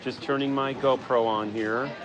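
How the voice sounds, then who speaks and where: A man commentating a youth water polo game live from the stands, excitable, with chatty asides, hoarse from yelling. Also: medium pitch, moderate pace, noisy background. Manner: excitable, shouts on big plays, chatty asides. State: coughing from yelling. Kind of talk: excited amateur play-by-play commentary.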